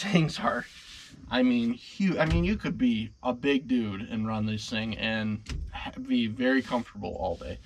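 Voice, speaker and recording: A man's voice: medium pitch, slight background noise, low-quality recording. Everyday guy reviewing heavy gear from the cab, loose and rambling, mid-range voice. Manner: rambling, restarts sentences, many fillers. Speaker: equipment reviewer. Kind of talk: casual hands-on machine review. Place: inside a skid steer cab.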